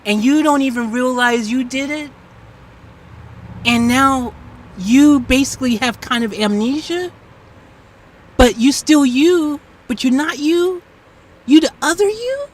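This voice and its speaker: High-voiced woman pleading with an assistant. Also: unhurried, pauses often, recorded from a distance, low-quality recording. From United States. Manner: animated, pleading, repeating herself, bursts of laughter. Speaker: livestream host. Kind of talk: casual live chat with an AI assistant.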